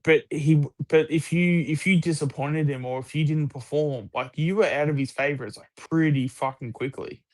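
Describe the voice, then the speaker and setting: A man's voice: fairly high pitch, steady tone, moderate pace, hardly any pauses. An Australian man chatting casually about sport on a live stream, rambling with lots of restarts and the odd swear word.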